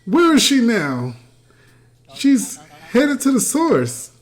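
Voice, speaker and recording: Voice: mid-range voice, huge pitch swings, takes it slowly, voice pushed up. A player voicing a confused, dazed old man who pleads and quavers in bewilderment. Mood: bewildered.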